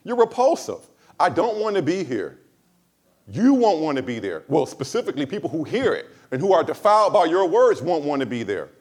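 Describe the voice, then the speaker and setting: A man preaching a sermon to his congregation, emphatic, moving between loud stressed phrases and low, quiet asides. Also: big pitch swings, brisk. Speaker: pastor.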